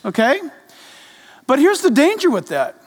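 A male pastor delivers an animated sermon in a very high voice, speaking straight to his congregation. His voice carries a long reverb from a large church sanctuary. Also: a little slow. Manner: animated, addresses congregation directly. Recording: echoey reverb of a large hall.

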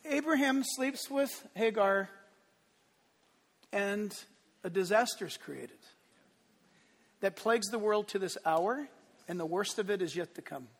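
Guy preaching a sermon, high voice, acts out the story, big echoey hall. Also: animated, a little slow, pauses often, a bit bright. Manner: storytelling, acts out voices, builds to impassioned climax. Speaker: pastor.

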